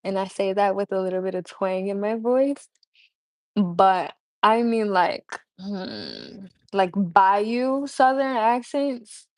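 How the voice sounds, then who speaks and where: Slow-talking woman, dry sound. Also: medium pitch, expressive, darkish tone, no echo. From United States. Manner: rambling, laughs often, many fillers. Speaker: livestream host. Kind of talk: casual live chat.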